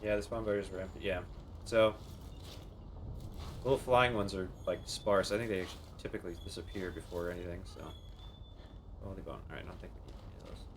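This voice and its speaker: A man's voice: low-pitched, steady tone, quick pace, pauses often, background noise. A young man streaming a video game, muttering to himself, swearing often and talking to the creatures on screen. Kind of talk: casual gameplay commentary.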